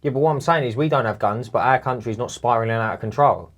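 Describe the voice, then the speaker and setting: Fast-talking London man telling stories. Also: medium pitch. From England. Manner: animated storyteller, slangy. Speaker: podcast co-host. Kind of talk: casual chat.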